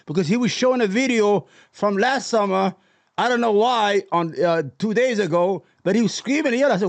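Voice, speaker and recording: A high-pitched man rants on his podcast in an angry, profane flood, tripping over repeated words as he gets worked up. The sound is dry and close, with no room around it. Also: brisk, dry recording. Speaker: podcast host. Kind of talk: heated ranting commentary.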